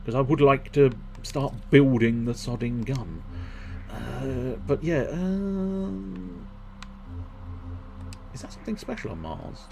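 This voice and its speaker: A man's voice: mid-range voice, animated, normal speed, vocal fry, darkish tone, a little hiss or hum. A man streaming a video game, rambling casually with jokes and a self-deprecating streak. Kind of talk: casual gameplay commentary.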